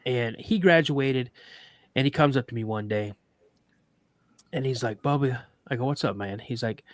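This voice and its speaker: A man of middling pitch tells a story in a casual, animated way, jumping into the quoted voices of the people in it and restarting his sentences as he goes. His voice sounds close and dry, with no room around it. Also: normal speed, pauses often, no room sound. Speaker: podcast guest.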